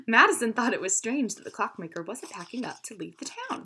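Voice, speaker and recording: A woman teacher reading a children's story aloud with expression, pausing now and then to explain words. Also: a little high, lively intonation, sharp tone, breathy edge.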